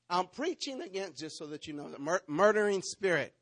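Sex: man. Role: pastor. Style: sermon. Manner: animated, role-playing. Pitch: high. Room: dry. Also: brisk, hardly any pauses, no room sound. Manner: animated preaching, acting out congregants.

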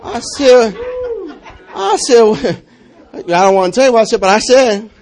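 A man with a high voice preaches to his congregation. He talks with lots of energy and laughs often, moving between loud calls and hushed, low stretches. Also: unhurried, some chatter behind. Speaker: pastor. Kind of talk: lively sermon.

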